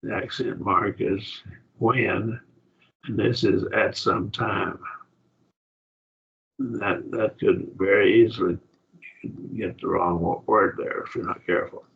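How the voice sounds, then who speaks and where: A man teaching a Greek grammar class, explaining words slowly and checking in with his students. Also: on the low side, fairly even intonation, vocal fry, a bit bright. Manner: slow, explanatory, repeats words and checks with "okay?" and "see?". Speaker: Bible college Greek teacher. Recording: dull lo-fi classroom recording.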